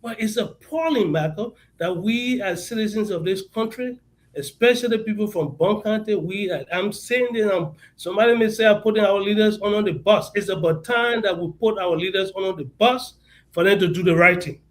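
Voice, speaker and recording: A man's voice: high-pitched, moderate pace, poor audio. A man with a Liberian accent speaking as a guest on a talk show, passionate and emphatic, often repeating words as he searches for them. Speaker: guest advocate. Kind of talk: impassioned talk-show interview.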